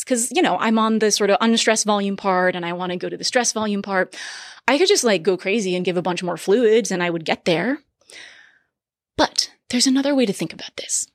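A woman giving a recorded medical lecture, explaining physiology in a lively, conversational way with quick asides. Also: mid-range voice, dry recording, clean studio sound.

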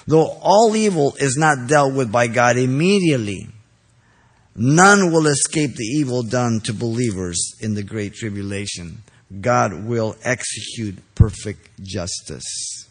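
A man preaching an expository sermon, stressing key phrases loudly and then dropping low, pausing to ask listeners if they are following. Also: lively intonation, breathy edge. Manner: asks the congregation checking questions.

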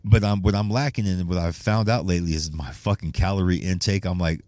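A man's voice: low-pitched, fairly quick, few pauses, warm tone, no room sound. A man hosting a casual solo podcast, rambling and swearing, laughing often and restarting his sentences. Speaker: podcast host.

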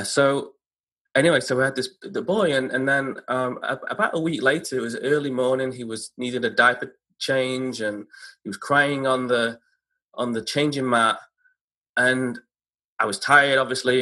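Halting, emotional man with a bright voice. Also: mid-range voice. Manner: halting and emotional, many restarts. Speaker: speaker sharing his story. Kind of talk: personal testimony.

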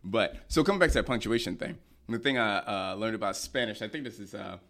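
A young man co-hosting a casual chat, teasing and joking in lively banter. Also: lowish voice, quick pace.

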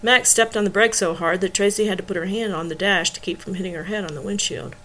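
A woman narrating a novel chapter with a steady, even delivery. Her voice sits at a middle pitch, and there is a faint hum behind her. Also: fast, poor audio. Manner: steady storytelling. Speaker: audiobook reader.

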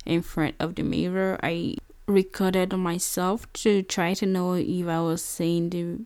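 Young Nigerian woman host, earnest personal monologue, low gravelly tone, close dry sound. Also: level tone, a little slow, darkish tone, dry recording. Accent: Nigerian English. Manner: earnest, many fillers like "you know" and "like". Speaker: podcast host.

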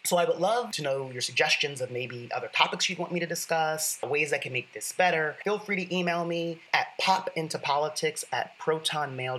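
A bright, clear-toned podcast host talking through a solo political show in a loose, conversational way. The delivery is earnest and chatty, with a self-deprecating streak, and a faint ambient hum sits behind it. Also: mid-range voice, moderate pace, hardly any pauses, poor audio.

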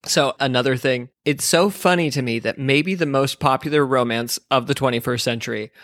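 A man's voice: medium pitch, fairly quick, fairly bright tone, no room sound. Guy cohosting a jokey book podcast, sarcastic, keeps cracking up, dry mic. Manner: sarcastic, laughs often. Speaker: podcast co-host. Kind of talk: casual comedic book podcast.

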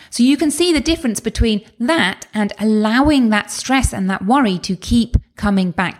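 A woman in her thirties or forties coaching listeners on emotional eating in a mid-range voice. She talks straight to the listener and slips into quoted inner thoughts to show how feelings spiral. Her delivery is lively and conversational. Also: medium pitch. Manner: animated, acts out inner thoughts in quoted asides. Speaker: wellness coach.

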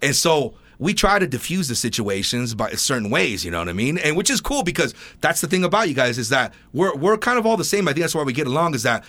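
Podcast host dude telling a story, kinda high voice, lots of you-knows and bros. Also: male voice, fast talker, few pauses. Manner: animated, heavy on fillers like "you know" and "bro". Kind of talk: casual storytelling chat.

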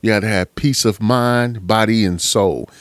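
A man's voice: fairly low pitch, normal speed, dry recording. A man giving a casual, preachy motivational talk in slangy speech, often calling the listener man. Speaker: motivational speaker.

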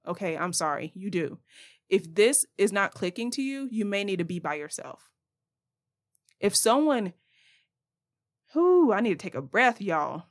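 A woman's voice: mid-range voice, very animated, normal speed. A young woman hosting a podcast, giving blunt, passionate advice straight to her listeners in a casual monologue. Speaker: podcast host.

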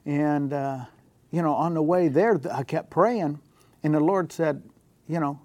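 A man with a slightly higher voice tells a personal faith story in an easy, chatty way, laughing softly at his own punchlines. His voice sounds close and dry, with no room around it. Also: unhurried, dry recording. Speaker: guest telling faith stories. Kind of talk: casual storytelling.

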